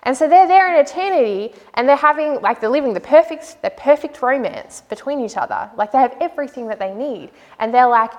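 A woman's voice: high voice, animated, fairly quick, few pauses, darkish tone. A woman sharing a personal faith testimony, earnest and heartfelt, often using "like" as a filler. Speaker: speaker sharing her faith story.

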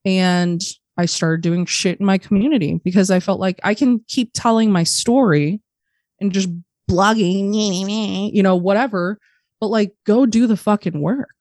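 A woman guest on a podcast, telling her story candidly in casual chat, swearing freely and speaking quickly. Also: medium pitch, darkish tone, no room sound, studio quality.

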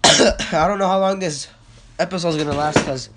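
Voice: mid-range voice, normal speed. A young podcast host rants in a loose, rambling way, swearing freely and getting worked up while retelling stories. The voice is recorded on a phone with no proper microphone. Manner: excitable, profane, storytelling with quotes. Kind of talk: rambling casual rant. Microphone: phone without a mic.

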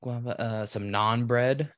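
A man's voice: medium pitch, steady tone, measured pace, a bit bright, dry recording, studio quality. Rambling, profane man telling a story. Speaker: podcast co-host. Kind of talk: casual chat.

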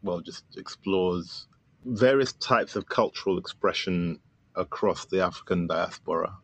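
A man's voice: deep voice, measured pace, husky. A man guest on a podcast, talking casually and enthusiastically with many fillers about his film. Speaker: filmmaker guest.

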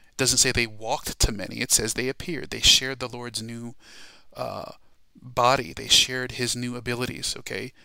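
A man teaching a Bible study class in a sermon style, emphatic and dramatic, slowing down to stress key words. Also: medium pitch, creaky, bright, forceful tone, no room sound.

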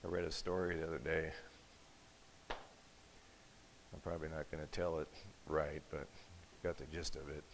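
Male pastor, deep bass register, sermon with anecdotes, light tape hiss. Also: little pitch movement, a little slow, vocal fry, pauses often, rough recording. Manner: storytelling with acted quotes, rising to forceful emphasis. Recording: faint hiss.

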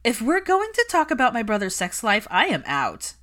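A woman's voice: fairly high pitch, wildly swooping pitch, moderate pace, a bit bright, pitched above the performer's own voice. A woman voicing a playful young witch who banters wryly with her friends, in a storybook reading. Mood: bantering.

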